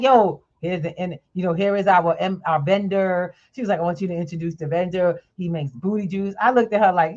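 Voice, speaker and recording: A woman's voice: fairly low pitch, brisk, hardly any pauses. Chatty woman host, lo-fi sound. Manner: lively, chatty, laughs often. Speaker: podcast host. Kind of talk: casual chat, storytelling.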